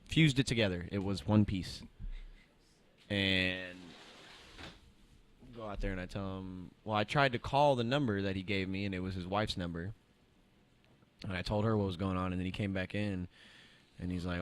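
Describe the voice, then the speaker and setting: A young man with a somewhat low voice, talking with friends on a podcast. He tells his story with animation and slips into the voices of everyone in it. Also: a little fast. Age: young adult. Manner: animated storyteller acting out quotes. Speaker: podcast co-host. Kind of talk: casual chat.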